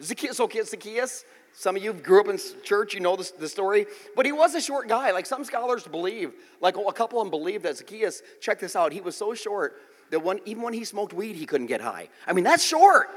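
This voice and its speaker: A male pastor preaches a little fast in a high, constantly swooping voice, keeping his sermon loose, joking and conversational with frequent "okay?" check-ins. Long reverb fills the sound, as in a large church sanctuary.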